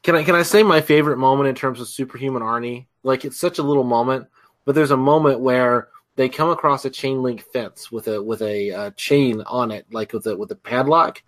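Male podcaster, rambling and candid, casual swearing, relaxed chat. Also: mid-range voice, fairly quick. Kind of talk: casual movie review chat.

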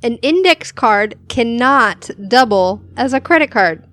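A woman with a fairly high voice reads listener stories for a podcast. She tells them casually and keeps breaking into laughter. The sound is close and dry. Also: expressive, unhurried, a bit bright, dry recording. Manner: laughs often between lines. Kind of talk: casual storytelling read-aloud.

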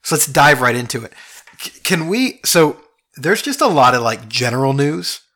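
Husky-voiced male podcast host. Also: medium pitch, very animated, normal speed, a bit bright. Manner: chatty, fond of restarts. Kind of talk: casual podcast chat.

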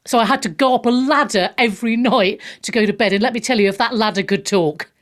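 A woman's voice: a little high, quick pace. A woman hosting a live radio talk show, chatting frankly with callers and reading the chat, with frequent restarts and blunt language.

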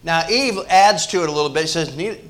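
A man preaching a sermon to his church, moving between loud emphasis and hushed asides, often repeating words and restarting phrases. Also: fairly high pitch, fairly quick. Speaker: pastor.

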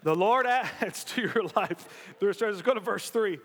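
A male pastor, preaching an animated, folksy sermon with call-and-response to his congregation. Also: sits high, normal speed, long reverb tail. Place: church sanctuary.

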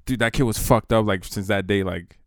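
Low-voiced guy swearing through old school stories, dry close mic. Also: a little fast, no room sound. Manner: profane, laid-back storytelling with frequent "dude". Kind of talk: casual storytelling chat.

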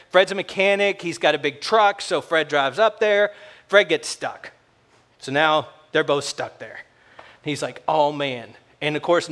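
A man's voice: fairly high pitch, a bit bright. A man preaching a sermon as pastor, telling stories in a conversational way and acting out the voices of the people in them. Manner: conversational storytelling, acts out quoted voices.

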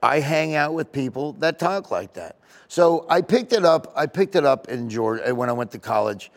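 A man's voice: on the high side, animated, moderate pace. A man, a comedian guest, telling rambling stories in a casual interview. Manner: rambling, storytelling with asides.

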